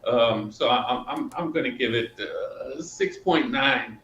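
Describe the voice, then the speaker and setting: A man chatting casually as a podcast co-host, easygoing and measured. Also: medium pitch, fairly bright tone. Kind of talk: casual chat. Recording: roomy, muffled with faint noise.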